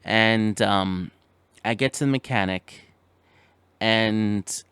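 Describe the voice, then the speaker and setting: A man hosting a podcast, telling a story in a casual way, animated, with stammering restarts and a voice that jumps up when he gets exasperated. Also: lowish voice, slow, clear, resonant tone, no room sound. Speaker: podcast host.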